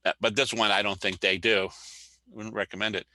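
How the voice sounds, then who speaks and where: A man giving an informal lecture over a video call, explaining at an easy pace with pauses. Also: fairly low pitch, little pitch movement, bright, forceful tone, poor audio. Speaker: speaker and author.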